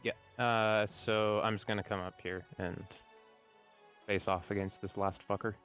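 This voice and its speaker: A man's voice: on the low side, little pitch movement, a little slow, fairly bright tone, faint music behind. A man playing a tabletop game, casual, declaring his character's moves. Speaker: player.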